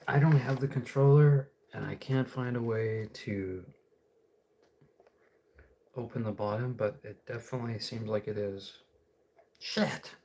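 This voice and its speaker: A man's voice: lowish voice, vocal fry, a little mellow, a little hiss or hum. A man hosting a casual solo livestream from home, rambling and muttering to himself. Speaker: livestream host.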